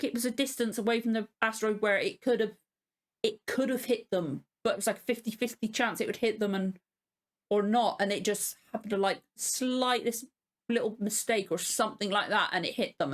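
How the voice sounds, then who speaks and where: A woman giving a casual spoken review as a reaction video host, ranting in exasperation, swearing often and apologizing as she goes. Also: a little high.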